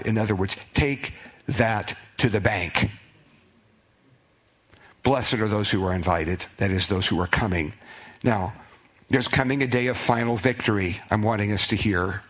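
A man's voice: fairly low pitch, moderate pace, a bit bright. Conversational man preaching a sermon. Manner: conversational preaching, rises when reading scripture aloud. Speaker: pastor. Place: church sanctuary.

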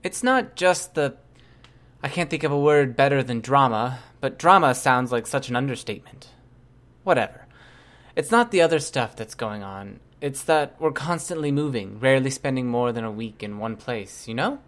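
A man's voice: medium pitch, lively intonation, moderate pace, a bit bright, lightly acted. A man reading aloud, voicing a guarded, weary young woman who speaks in clipped, terse replies.

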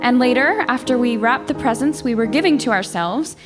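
A sensible, motherly eldest sister, played by a woman, narrates and soothes in a gentle, slightly high voice. Loud piano music plays beneath her. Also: animated, a little fast, close to an everyday voice. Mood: narrating. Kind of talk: first-person storytelling narration.

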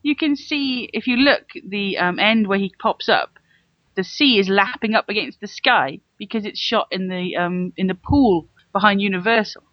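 Man, podcast co-host, high, joking and laughing, muffled lo-fi sound, dry. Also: no room sound. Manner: laughing, joking, quick asides. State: says he is high. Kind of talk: casual movie chat. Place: in bed at home. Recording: dull lo-fi remote audio.

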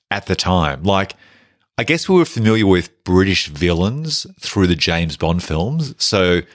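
A man's voice: low-pitched, no echo, studio quality. A man co-hosting a casual film podcast, chatty and enthusiastic, peppering his talk with "like". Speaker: podcast co-host.

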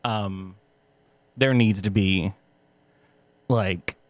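A young man co-hosting a podcast, telling a story in casual, profane chat with sudden pitch jumps. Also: steady tone, drawn-out words, a little hiss or hum. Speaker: podcast co-host.

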